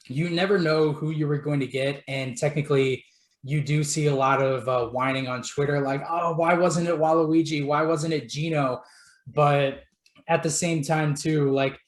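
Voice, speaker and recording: A man hosting a casual podcast about video games, chatty and full of filler words. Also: mid-range voice. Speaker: podcast host. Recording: roomy echo.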